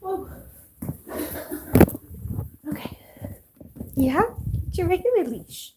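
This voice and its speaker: A woman's voice: sing-song, slow pace, background noise. A woman chatting casually while coaxing and calling her dogs outdoors, recorded on a phone. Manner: coaxing high pet-talk to dogs. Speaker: vlogger. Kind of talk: casual chat with her pets. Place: outdoors at home, yard and street.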